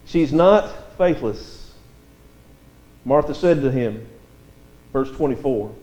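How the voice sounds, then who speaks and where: A man's voice: medium pitch, expressive, takes it slowly, pauses often, darkish tone, muffled recording. A man preaching an expository sermon, reading scripture verses aloud and explaining them.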